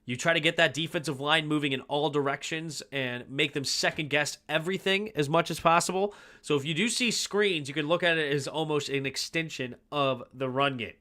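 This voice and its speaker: A man on a home livestream calling a football game play by play, his voice very bright and slightly high. He keeps up a steady call and breaks into loud, excited reactions on big plays. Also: a little fast, few pauses. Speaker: fan livestream host doing play-by-play. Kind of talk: live play-by-play and analysis.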